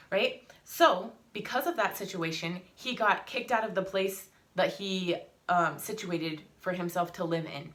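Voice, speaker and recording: Young adult woman, family vlogger, lowish voice, heated and blunt storyteller. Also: measured pace, a bit bright. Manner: heated, emphatic retelling with swearing. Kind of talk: casual vlog storytelling.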